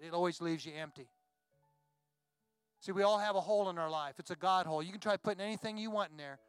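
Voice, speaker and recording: A man with a high, smooth voice preaching in a church, retelling a Bible story with feeling. The sound is close and dry, with soft music faintly underneath. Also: no echo. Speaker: pastor. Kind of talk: sermon.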